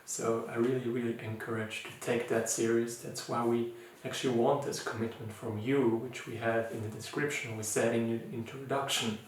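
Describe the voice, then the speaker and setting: A man with a non-native English accent, leading a mindfulness challenge as its teacher in an informal, gentle talk full of fillers and restarts. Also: medium pitch, little pitch movement, moderate pace, few pauses, slight background noise. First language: not English. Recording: echoey room, voice from far off.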